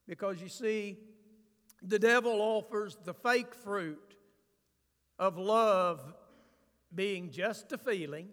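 Male pastor preaching in a church sanctuary, slow and deliberate delivery. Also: high voice, fairly bright tone, big-room sound. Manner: preaching with sudden swells of emphasis and asides. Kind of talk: sermon.

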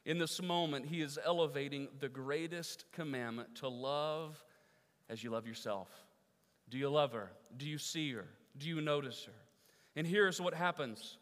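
A man with a fairly high voice preaches to his congregation. He is earnest and repeats key phrases, often dropping his voice low and soft to press a point home. His words ring out with the long reverb of a church sanctuary. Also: normal speed. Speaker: pastor. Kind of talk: sermon.

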